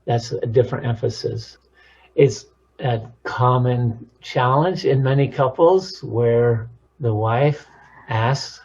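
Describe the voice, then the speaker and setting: A man talking as a counselor, teaching about relationships in a calm, measured way. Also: mid-range voice, husky, lo-fi sound. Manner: calm, measured, demonstrates tones of voice. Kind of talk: instructional talk on relationships.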